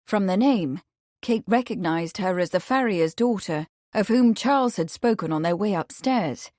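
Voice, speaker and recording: A woman reading a mystery audiobook in scripted narration with a steady, even delivery. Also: medium pitch, normal speed, no room sound, clean studio sound.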